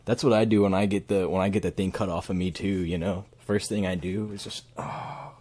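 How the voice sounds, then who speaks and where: A man's voice: deep voice, steady tone, quick pace, a little mellow. A man streaming casual reaction commentary, cracking crude jokes and laughing often.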